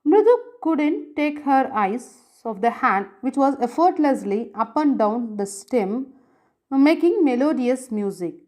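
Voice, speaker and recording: A woman teacher with an Indian English accent speaks slowly and patiently, with a fairly high voice. She repeats each word and its meaning for pupils to write down, and walks them through a story line by line. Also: animated, a little mellow. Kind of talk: online class reading and explaining a story.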